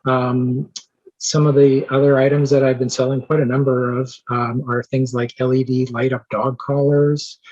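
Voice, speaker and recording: A man answering interview questions in a casual, halting way, full of fillers and restarts. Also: medium pitch, flat delivery, a little mellow, lo-fi sound. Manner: hesitant, many fillers and restarts. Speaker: interviewed program member.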